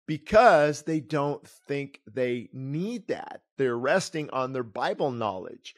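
A man's voice: mid-range voice, big pitch swings, slow pace, few pauses. A middle-aged pastor preaching his own book aloud, earnest and digressive, often breaking off and restarting his sentences. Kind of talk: sermon reading of his book with commentary.

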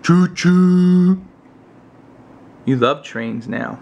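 An American man chatting casually with his toddler on camera, using playful baby talk and high, coaxing questions. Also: expressive, moderate pace, fairly bright tone, highs cut off, slight background noise. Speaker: parent vlogger.

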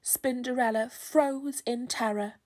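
A woman reading a children's picture book aloud, slow and expressive. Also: fairly high pitch. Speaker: children's storyteller.

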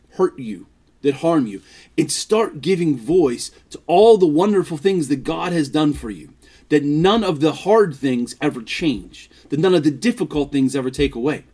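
A man's voice: a little high, mellow. A man preaching a devotional sermon as pastor, earnest, often repeating and restarting phrases.

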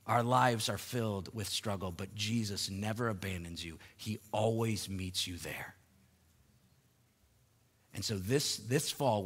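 A man preaching a sermon as pastor, rising loud for emphasis and dropping soft and slow. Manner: rises in pitch and volume for emphasis, then drops soft and slow. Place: church sanctuary. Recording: long hall reverb.

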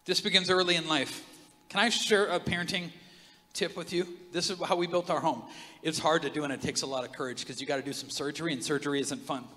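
A high, bright-voiced man preaches to his congregation, joking and telling stories as he goes. He swings from loud, ringing outbursts down to hushed, intimate asides. His voice carries with a long reverb through a large hall. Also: fast talker. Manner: animated, joking storyteller with big swings in loudness. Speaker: pastor. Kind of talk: sermon.

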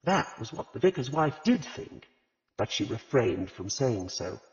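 A man narrating an audiobook in an expressive storytelling manner. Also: medium pitch, measured pace. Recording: reverberant, slightly dull audiobook recording.

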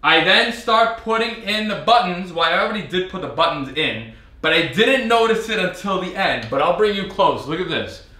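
A man's voice: high-pitched, moderate pace. A man hosting a vlog, telling a story casually and with exasperation, acting out the messages he traded. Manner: animated, exasperated retelling with quoted exchanges. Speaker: video host reviewing an arcade cabinet. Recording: echoey room, mic at a distance.

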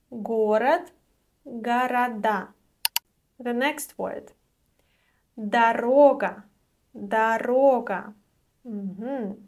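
A woman giving a language lesson, saying each word twice and spelling out how the stress falls. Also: on the high side. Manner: repeats each word slowly with clear stress. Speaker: Russian language teacher. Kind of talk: slow, careful vocabulary lesson.

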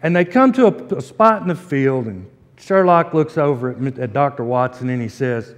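A man, preaching a sermon as pastor and telling folksy stories with slow, emphatic delivery. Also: mid-range voice, animated. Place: church sanctuary. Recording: long church reverb.

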